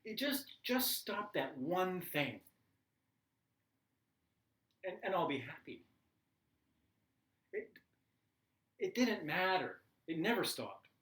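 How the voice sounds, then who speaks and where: A man teaching a live class, telling a personal story in a candid, animated way with frequent "right?" asides. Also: high-pitched, slow pace, pauses often, roomy sound, low-quality recording. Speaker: meditation teacher.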